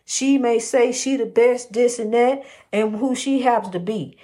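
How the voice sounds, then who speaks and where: Woman, preachy, repetitive, swooping pitch, impassioned motivational talk. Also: a little slow, dark tone. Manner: preachy, repeats phrases, calls listener honey. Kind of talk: impassioned faith-based pep talk.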